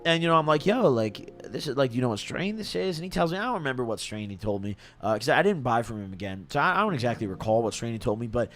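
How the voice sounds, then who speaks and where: A man's voice: medium pitch, fast talker, few pauses, faint music behind. A young man, intoxicated, telling a story on a stream in a casual, slangy way and laughing as he goes. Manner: animated, slangy, laughs through his story.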